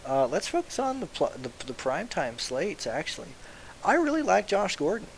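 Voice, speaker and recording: A young man casually streaming about fantasy sports, rambling, excitable and swearing freely. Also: sits high, normal speed, creaky, poor audio. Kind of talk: casual live-stream chat. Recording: faint hiss.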